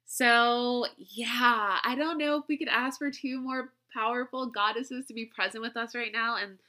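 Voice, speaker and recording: A woman's voice: fairly high pitch, measured pace, sharp tone. A woman hosting a podcast, talking in a chatty, rambling way and laughing often. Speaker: podcast host. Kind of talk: casual podcast monologue.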